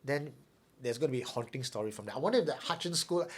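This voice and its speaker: A man's voice: medium pitch, animated, fast talker, husky. A man co-hosting a podcast, chatting casually with jokes and laughter and reading news items aloud. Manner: laid-back, jokey, laughs often. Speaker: podcast co-host.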